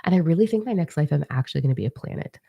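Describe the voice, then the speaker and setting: A young woman with a low voice and lots of vocal fry talks in a chatty, animated vlog. She swears casually as she tells her stories. The sound is close and dry, with no room echo. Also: racing, muffled recording. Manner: chatty, profane, animated storytelling. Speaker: spiritual teacher and author.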